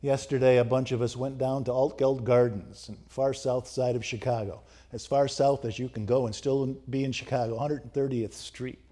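A man's voice: medium pitch, fairly even intonation, moderate pace, few pauses, mellow. A man preaching a sermon, emphatic and rhetorical, asking the congregation questions. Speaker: pastor.

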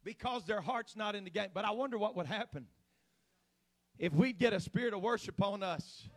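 A man preaching a sermon in church, dropping into low, chatty asides and rising to loud, shouted exhortation. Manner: swings from low conversational talk to shouted, drawn-out exhortation.

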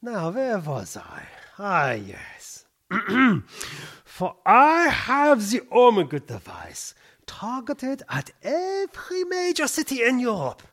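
A man's voice: high voice, wildly swooping pitch, slow, fairly bright tone, exaggerated voice. A man playing a pompous male supervillain with a German accent, who blusters and barks insults.

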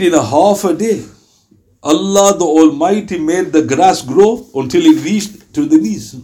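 Man, religious lecturer, higher-pitched, mellow tone, animated storytelling. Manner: animated storytelling, acts out quoted speech. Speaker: religious teacher. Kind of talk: sermon-style lecture.

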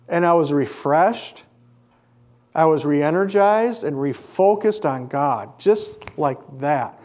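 Earnest preacher man, fairly high voice. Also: slow pace. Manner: earnest, building to emphatic peaks then dropping quiet. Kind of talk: sermon with personal story.

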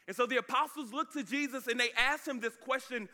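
An energetic pastor preaching a lively sermon in a high, strikingly bright voice. He talks casually and keeps calling out to his congregation to stay with him. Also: brisk, hardly any pauses.

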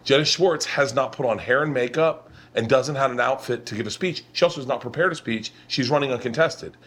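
Middle-aged guy telling a funny story, swearing, doing everyone's lines, average pitch. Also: fairly quick. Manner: animated, profane, acts out others' lines. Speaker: podcast host. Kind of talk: comic storytelling in casual chat. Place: home kitchen.

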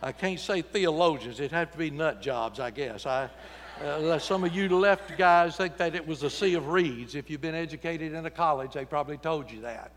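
In a church sanctuary, a man preaches a sermon in a folksy, joking style, acting out voices whenever he quotes people. His voice is fairly high and fairly bright, at a moderate pace, and it echoes as in a large hall.

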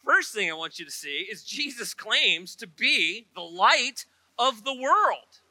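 A man's voice: sits high, sing-song, measured pace, sharp tone, dry recording, rough recording. A middle-aged man, preaching a sermon in a church with humorous storytelling and chatty asides. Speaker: pastor. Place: church auditorium.

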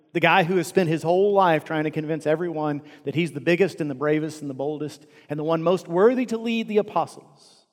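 Male pastor, sermon, loud then hushed, slightly high voice, long reverb in a large hall. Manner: impassioned, swings from loud to hushed. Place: church auditorium.

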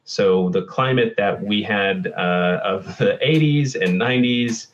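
Texan male scientist guest, low, slightly muffled line, filler-heavy explainer. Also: a little slow. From Texas. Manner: explanatory, with many fillers and restarts. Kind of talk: interview answers.

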